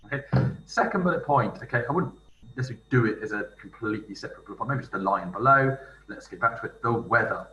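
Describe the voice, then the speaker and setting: Bright teacher talking through an exercise. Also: male voice, on the low side, lively intonation, distant mic. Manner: thinks aloud while typing, reads French phrases slowly. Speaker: language teacher. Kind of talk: screen-recorded tutorial. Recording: roomy room with faint noise, slightly off-mic.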